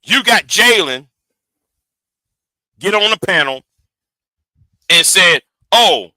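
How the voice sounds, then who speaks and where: A man's voice: sits high, lively intonation, takes it slowly, bright, forceful tone, no echo. A man hosting a livestream, giving heated commentary in an emphatic, profane way and repeating words when he gets worked up. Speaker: livestream host.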